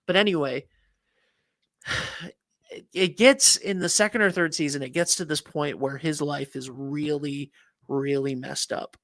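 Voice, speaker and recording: A man's voice: fairly high pitch, a bit bright, no room sound. A man co-hosting a casual morning chat show, telling long, rambling stories with many restarts. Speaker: co-host.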